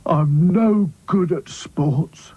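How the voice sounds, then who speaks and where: A man doing a gloomy, slow-talking rag doll. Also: a little high, mellow, breathy edge, no room sound, muffled recording, pitched above the performer's own voice, full character voice. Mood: glum. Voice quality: mournful, drawn-out grumbling.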